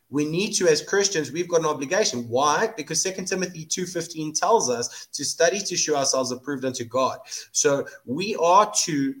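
A man hosting a podcast, talking through scripture in an earnest, casual way and often repeating words while he thinks. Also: a little high. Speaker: podcast host. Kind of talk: casual Bible discussion.

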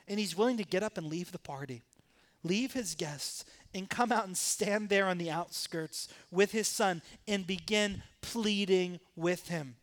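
In a church sanctuary, a pastor with a high, fairly bright voice preaches a sermon at a measured pace. He's dramatic, acting out the words of the father and the sons in the story with heavy emphasis.

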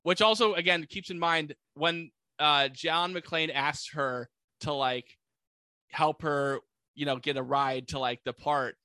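A man's voice: fairly high pitch, steady tone, takes it slowly, sharp tone, clean tone, dry recording. A man co-hosting a casual podcast, animatedly retelling a movie plot and acting out quoted lines. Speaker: podcast co-host. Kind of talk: casual movie recap chat.

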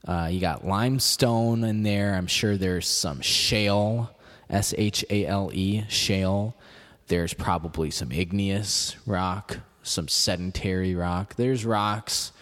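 Chicago guy riffing on his podcast, kinda low voice, goofy tangents, echoey room. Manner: digressive, jokey, chatty with many asides. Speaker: podcast host. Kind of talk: casual rambling monologue.

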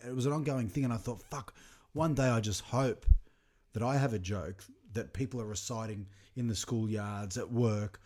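A man's voice: on the low side, moderate pace, darkish tone. A man chatting casually and reflectively about a comedy clip, with some fillers and restarts. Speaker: commentator. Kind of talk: casual reaction commentary.

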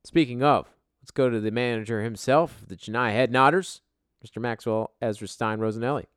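A man hosting a casual podcast, animated and heavy on swearing. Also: mid-range voice, fairly quick, clear, resonant tone, dry recording, studio quality. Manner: profane, animated, laughing. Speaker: podcast host. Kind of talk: casual chat.

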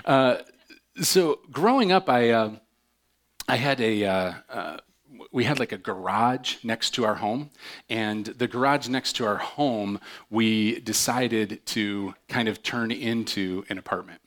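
A man's voice: on the low side, takes it slowly, fairly bright tone. A man preaching a sermon as pastor, upbeat and chatty, with joking asides between readings.

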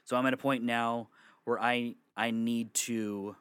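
A young man in his bedroom telling a story for his vlog, animated and swearing freely. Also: medium pitch, a little slow, very noisy. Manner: animated, swearing, breaks into laughter. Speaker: vlogger.

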